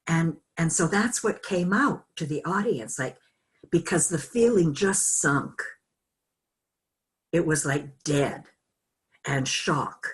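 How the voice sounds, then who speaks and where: An older woman teaching an online course, telling a personal story in a slow, halting, reflective way with many fillers. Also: low voice, animated. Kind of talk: personal storytelling in a group call.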